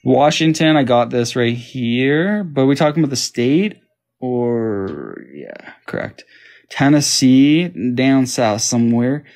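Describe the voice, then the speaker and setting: A man's voice: slow, darkish tone. Young Australian man thinking aloud. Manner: thinks aloud, frustrated, jumps to high exclamations. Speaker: vlogger playing a map quiz. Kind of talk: casual gaming commentary.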